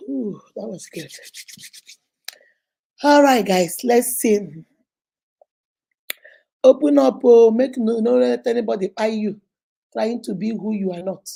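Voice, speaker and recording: Woman, middle-aged, livestream host, mellow and a touch high, animated. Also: takes it slowly, gravelly, pauses often, rough recording. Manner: animated, chatty, greets viewers by name. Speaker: host and counselor. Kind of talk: live-stream chat.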